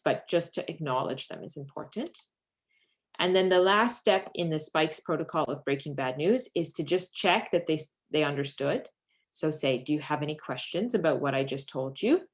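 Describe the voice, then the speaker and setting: A woman's voice: low-pitched, moderate pace. A woman trainer giving a live lesson on palliative care communication, patiently explaining step by step and modeling example phrases. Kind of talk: live teaching session.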